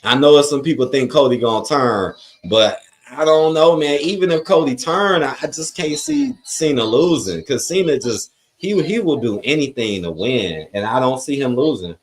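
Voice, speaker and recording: A man's voice: medium pitch, lively intonation, moderate pace. A man hosting a live watch-along stream, reading chat comments aloud and giving blunt, profane opinions in a loose, rambling way. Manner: loose, rambling with frequent fillers.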